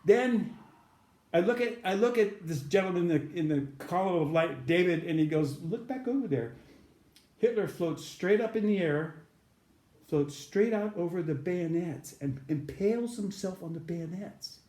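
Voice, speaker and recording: An interview guest with a high-pitched, dark-toned voice earnestly recounts a near-death experience at a moderate pace, acting out the voices involved. The recording is reverberant.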